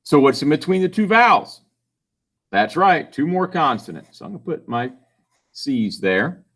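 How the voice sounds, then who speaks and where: A man with a fairly high, very animated voice gives a phonics lesson for children. He talks patiently and slowly stretches each syllable as he sounds words out, rising and falling as if speaking to young learners. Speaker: reading tutor.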